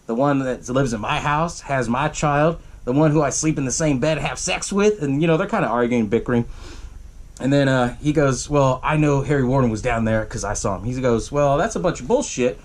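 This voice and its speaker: A man's voice: mid-range voice, fairly quick. A man hosting a podcast, casually retelling a horror film's plot in a rambling, profane way, jumping into the characters' lines in raised voices. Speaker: podcast host. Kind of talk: casual movie recap.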